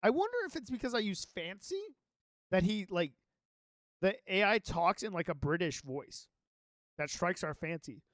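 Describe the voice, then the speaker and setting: A man's voice: high-pitched, lively intonation, normal speed, a bit bright, dry recording, clean studio sound. A young man live-streaming a game, chatting loosely with his viewers and reading his own notes aloud in a rambling way. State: sleepy, yawning. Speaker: Minecraft streamer. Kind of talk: casual live-stream chat.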